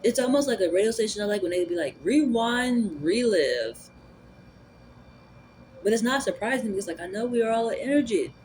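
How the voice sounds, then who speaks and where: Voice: mid-range voice, racing, few pauses, darkish tone, a little hiss or hum. A spiritual vlogger thinking aloud in a casual, rambling monologue, full of fillers and restarts. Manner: rambling, musing, with repeated fillers; energy and spirituality talk.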